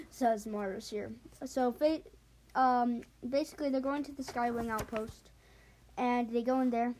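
A woman casually retelling a book plot in a rambling, hurried way with many fillers. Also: fairly high pitch, fairly even intonation, darkish tone.

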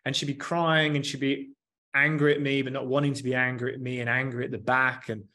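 A man's voice: mid-range voice, level tone, brisk, bright, forceful tone. A man in his thirties, a therapist or coach, speaking candidly and reflectively in a conversational interview, often saying "like" and "you know".

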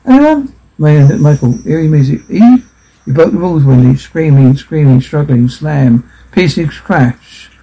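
A man reading a film's dialogue and its sound captions aloud, in a flat delivery that speaks the sound cues too. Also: a little high, a little slow, few pauses, breathy edge, poor audio.

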